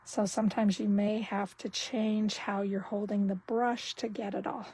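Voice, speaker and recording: A woman giving a casual card-making tutorial, talking slowly and thinking aloud as she works. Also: medium pitch, level tone, mellow, husky, no room sound, poor audio.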